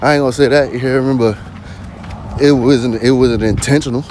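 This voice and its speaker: A man's voice: medium pitch, steady tone, brisk, a little mellow, slight background noise. A man vlogging in a casual spoken monologue, slangy and constantly asking "you hear me".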